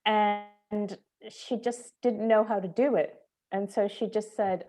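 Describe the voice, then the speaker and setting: Woman, seminar participant, video call, mellow, earnest, halting. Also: medium pitch, steady tone. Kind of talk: online seminar discussion.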